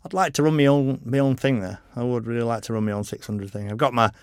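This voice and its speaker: A middle-aged man, a motorcycle racer appearing as a podcast guest, tells rambling stories in a casual interview chat, swearing freely and laughing often. He talks fast and clearly at a medium pitch, with fairly even intonation and a resonant tone. The studio recording is clean, with no room sound.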